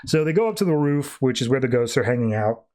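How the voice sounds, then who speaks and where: A man's voice: mid-range voice, animated, fast talker, a little mellow. A man hosting a podcast, casually recapping a comic book in a loose, rambling way. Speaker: podcast host.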